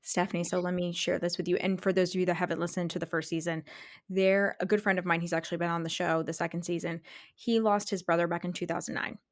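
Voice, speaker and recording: Woman hosting a podcast, kinda low voice, chatty and supportive. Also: little pitch movement, fast, no room sound, clean studio sound. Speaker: podcast host. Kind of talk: casual conversational podcast.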